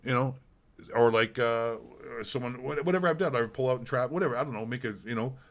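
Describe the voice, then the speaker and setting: A man's voice: medium pitch, quick pace. A middle-aged man streaming a heated, blunt monologue, swearing constantly and repeating himself. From Canada. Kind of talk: casual profane ranting monologue.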